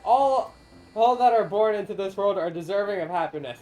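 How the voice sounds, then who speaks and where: A woman's voice: mid-range voice, expressive, normal speed, dark tone, faint music behind, natural voice, poor audio. Woman voicing an ancient, mournful corn spirit. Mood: grandiose. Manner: archaic, solemn, theatrical speech. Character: ancient lonely corn spirit, grandiose and sorrowful. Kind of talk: reading game dialogue aloud on stream.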